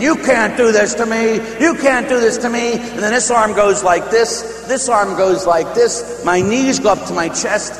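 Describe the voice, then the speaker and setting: A man's voice: a little high, fairly bright tone. A man, a Catholic priest, telling personal stories in a sermon, acting out voices and laughing at his own jokes. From Pittsburgh area. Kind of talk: storytelling sermon. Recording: echoey hall with faint hum.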